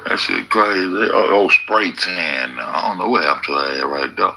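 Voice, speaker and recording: A man's voice: sits low, normal speed, bright, forceful tone. Profane middle-aged man, noisy recording. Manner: profane, rambling, joking. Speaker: YouTube commentator. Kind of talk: casual reaction commentary.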